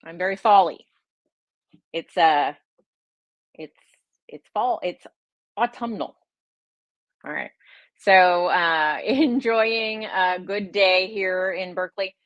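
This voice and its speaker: A woman's voice: lowish voice, takes it slowly, pauses often, no room sound, muffled recording. A middle-aged woman, a health and wellness coach, chatting casually on a livestream with a slight Southern American twist, rambling and self-deprecating with many fillers. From United States.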